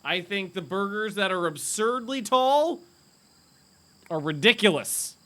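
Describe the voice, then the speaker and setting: A man's voice: high voice, animated, unhurried, a bit bright. A man casually chatting with viewers while streaming a game, rambling and laughing often.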